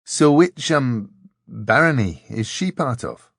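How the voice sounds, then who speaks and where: A man doing a curious, gentle young man. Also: medium pitch, expressive, takes it slowly, gravelly, slightly rough, no echo, clean studio sound, pitched above the performer's own voice, exaggerated voice. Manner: inquisitive, gentle questions. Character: curious, kindly young man, new to a strange world.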